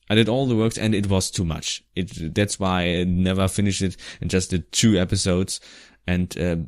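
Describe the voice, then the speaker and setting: A man's voice: deep voice, dry recording, clean studio sound. A man talking casually about his old fan video, rambling and restarting his sentences as he goes. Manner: rambling, restarts often, laughs now and then. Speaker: vlogger.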